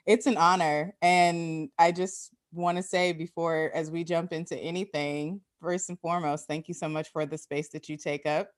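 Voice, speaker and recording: A woman's voice: sits low, fairly even intonation, moderate pace, hardly any pauses. A woman with a Chicago accent, a podcast guest on a video call, speaking in an earnest, grateful way. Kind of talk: casual chat.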